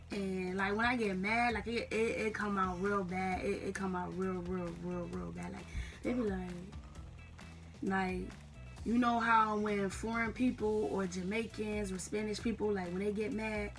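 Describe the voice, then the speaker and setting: A woman's voice: medium pitch, steady tone, moderate pace, distant mic, faint music behind. A young woman with a Southern US accent, chatting casually to camera in a slangy, emphatic way. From Southern United States. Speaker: vlogger.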